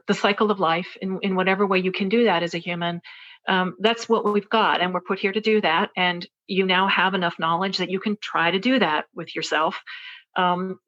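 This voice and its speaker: Woman, interview guest, earnest personal storytelling, thinks out loud, middle pitch, dull lo-fi sound. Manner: earnest, thinks aloud with many fillers and restarts.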